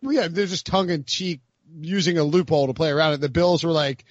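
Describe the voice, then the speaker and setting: Sports podcast host, male, somewhat high voice, rambling delivery, dry dull lo-fi audio. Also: fast talker, no echo. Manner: rambling, self-interrupting. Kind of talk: casual sports podcast chat.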